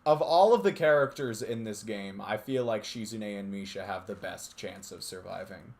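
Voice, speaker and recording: Low-voiced man reading a story aloud. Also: normal speed, gravelly, slight background noise. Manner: reads steadily, then laughs and banters. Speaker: streamer reading a visual novel aloud. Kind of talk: narration read aloud, casual chat with friends.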